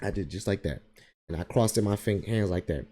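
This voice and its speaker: Low, mellow-voiced man telling a rambling story. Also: a little fast. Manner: rambling, circling back and repeating himself. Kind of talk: casual personal storytelling.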